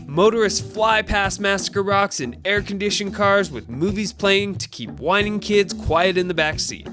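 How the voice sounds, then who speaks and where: A man narrating a scripted travel segment in an even, informative voice-over. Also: sits high.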